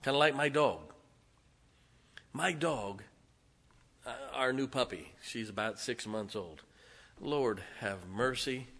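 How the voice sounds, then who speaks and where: A middle-aged man preaching a sermon, telling folksy stories and swinging from hushed asides to loud, emphatic lines. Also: medium pitch, animated, takes it slowly, pauses often. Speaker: pastor.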